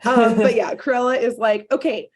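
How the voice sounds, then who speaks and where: A woman co-hosting a casual podcast, walking through a cartoon episode scene by scene. She talks in an animated way, slipping into the characters' lines and sprinkling in "like" as she goes. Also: mid-range voice, normal speed. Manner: animated retelling, acting out characters' lines with lots of "like". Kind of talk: casual chat.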